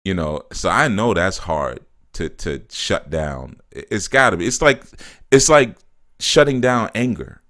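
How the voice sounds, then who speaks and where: A man giving a casual spiritual talk as a teacher, animated and repetitive, often acting out what people say. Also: low voice, measured pace.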